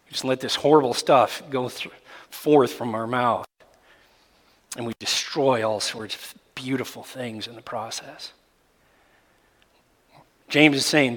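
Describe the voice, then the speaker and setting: A man preaching a sermon as a pastor, animated and jokey, sometimes mimicking babble. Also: medium pitch. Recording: long reverb of a hall.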